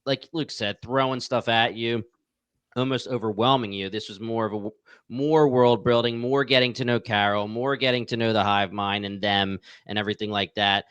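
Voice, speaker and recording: A man hosting a TV review podcast with a smooth, resonant voice. He talks with energy and turns to his listeners to plug episodes. The sound is dry and close. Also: on the low side, steady tone, moderate pace, fairly bright tone, no echo, muffled recording. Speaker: podcast host. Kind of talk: casual podcast chat.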